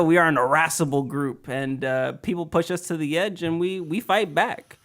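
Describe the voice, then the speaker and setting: A man's voice: fairly high pitch, a little fast, few pauses, a bit bright. A young man co-hosting a casual podcast, playfully introducing the segments. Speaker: podcast co-host. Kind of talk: casual chat.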